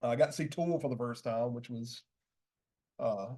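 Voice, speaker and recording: A man's voice: medium pitch, moderate pace, warm tone. A man hosting a casual porch chat, telling concert stories in a laid-back way and laughing often. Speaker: podcast host.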